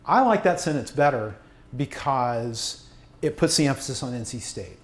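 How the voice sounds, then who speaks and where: A university communications workshop presenter leads a session on writing in a fairly high voice with big pitch swings, talking a little fast. He's chatty and self-deprecating and often restarts his sentences, recorded in an echoey room.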